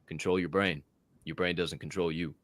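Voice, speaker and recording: A man's voice: deep voice, steady tone, moderate pace, fairly bright tone, dry recording. A man co-hosting a motivational podcast, introducing segments in a joking hype-man way. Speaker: podcast co-host. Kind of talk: casual motivational podcast chat.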